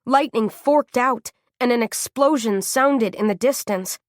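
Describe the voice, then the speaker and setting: Brief: female audiobook narrator, slightly high voice, dry close read, first-person drama. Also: a little slow, no echo.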